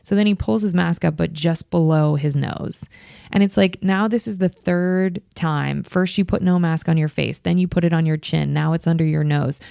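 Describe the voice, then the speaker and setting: A woman's voice: on the low side, normal speed, creaky, dark tone, no echo, studio quality. A woman podcast host telling a story in a casual, exasperated and sarcastic way, acting out what others said. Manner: exasperated, sarcastic, acts out quotes.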